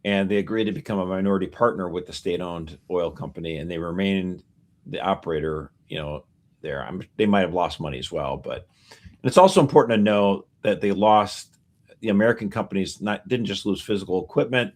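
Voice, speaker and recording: A man co-hosting a podcast, casually walking through news facts with animated asides. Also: deep voice, fairly quick. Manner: animated explainer, piling up figures and asides. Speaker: podcast co-host.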